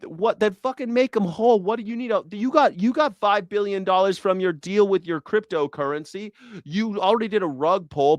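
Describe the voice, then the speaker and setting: A man's voice: sits high, moderate pace, dry recording, clean studio sound. A man hosting a news reaction show, with profane, sarcastic and mocking commentary. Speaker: host.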